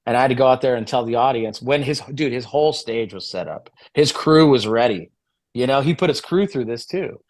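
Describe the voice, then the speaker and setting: Profane, animated man telling road stories. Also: mid-range voice, brisk. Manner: profane, animated storyteller, acts out quoted dialogue. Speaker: guest musician and promoter. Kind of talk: casual interview storytelling.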